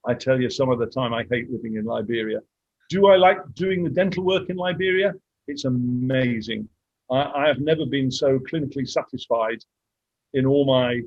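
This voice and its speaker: A man's voice: medium pitch, no echo, dull audio. A man in his sixties, a mission dentist, telling his story candidly and reflectively, sometimes moved. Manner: candid, reflective, getting emotional at times. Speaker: guest speaker, mission dentist. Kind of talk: casual storytelling on a video call.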